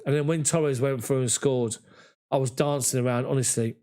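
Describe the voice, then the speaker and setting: A man, hosting a live fan chat after a match and reading viewer comments in an excitable, chatty way. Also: mid-range voice, normal speed. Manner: excitable, chatty, mimics voices in anecdotes. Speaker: fan channel host.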